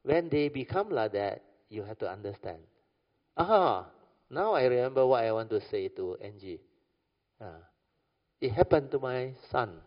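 A man's voice: medium pitch, animated, moderate pace. A man with a Malaysian English accent giving an informal Buddhist talk, telling stories and often checking if listeners understand. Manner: conversational, keeps asking "understand or not?". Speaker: Buddhist dharma speaker. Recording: echoey hall, dull lo-fi sound.

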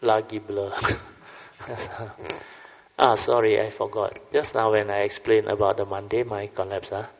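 Speaking at a measured pace in a fairly low voice with vocal fry and little pitch movement, an older Buddhist meditation teacher gives a dharma talk to a class. He chats away, often asking "huh?" and "understand or not?". The recording is lo-fi, in a reverberant hall.

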